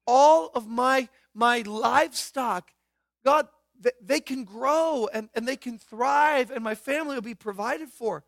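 A man voicing a worried man pleading with God, halting and repeating himself. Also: extremely high pitch, gravelly, a bit bright, no room sound, studio quality, pitched above the performer's own voice, heavily acted.

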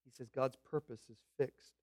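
Here a pastor preaches, his emphatic points coming slow and loud, broken up by murmured asides in a lower register.

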